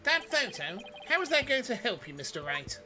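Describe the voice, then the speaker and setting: A haughty prosecutor lays down cool, slow challenges, as a man puts him on. His pitch moves freely and game music plays loudly behind him. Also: very animated. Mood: challenging.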